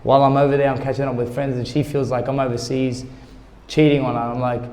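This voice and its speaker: A former boxer tells his life story candidly in an interview, speaking quickly in a mid-range, darkish voice with little pitch movement. He gets emotional, acting out other people's words as quoted dialogue, and the recording carries a long hall reverb.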